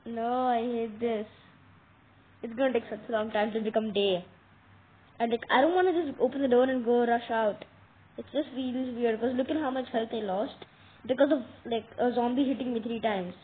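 A woman giving casual game commentary, talking straight to viewers with excitable, dramatic alarm. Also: on the high side, normal speed. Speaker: gameplay commentator. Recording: tinny phone-like audio with faint noise.

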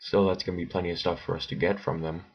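A man's voice: deep voice, level tone, quick pace, husky, dull audio. A man giving let's play commentary, muttering to himself and bursting into alarm at enemies. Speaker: gameplay commentator.

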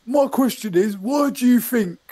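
A man doing improvised comedy banter, rambling and deadpan, with mock-aggressive threats. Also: very high voice, measured pace.

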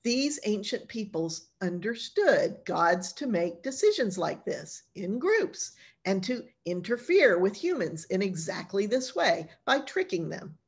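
A woman's voice: mid-range voice, breathy edge. A woman pastor teaching an informal Bible class, retelling stories in a chatty, colloquial way.

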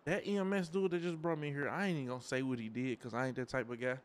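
Fast-talking, pushy man in game role-play. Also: fairly even intonation. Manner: pushy, insistent, drops to low pleading. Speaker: streamer role-playing a character in a game. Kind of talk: casual role-play banter.

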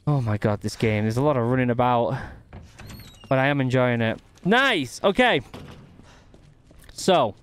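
A man's voice: medium pitch, normal speed, clean tone. A man giving gameplay commentary, thinking aloud and muttering to himself as he works out puzzles. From United Kingdom. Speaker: gaming channel host.

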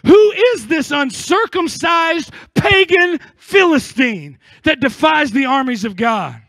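A fearless young shepherd hero roars out a drawn-out challenge, as a preacher acts him out. The voice rings high and forceful over a dry, close sound. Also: male voice, animated, no room sound, heavily acted. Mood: defiant. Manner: shouted, drawn-out defiance.

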